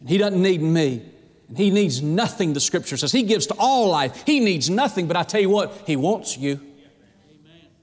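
High-voiced preacher in a reverberant hall. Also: male voice, expressive, normal speed. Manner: preaching with dramatic acted-out quotes and repeated "friend". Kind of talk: sermon. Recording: long reverb in a large hall.

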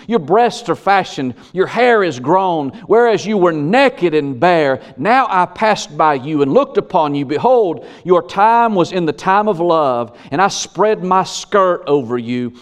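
A male pastor preaching a sermon, reading scripture slowly and building to emphatic, rising questions. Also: fairly high pitch.

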